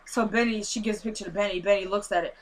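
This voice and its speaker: A woman's voice: mid-range voice, fairly even intonation, fast talker, a little hiss or hum. A woman casually recapping a TV episode, chatty and full of fillers, acting out the characters' lines as she goes.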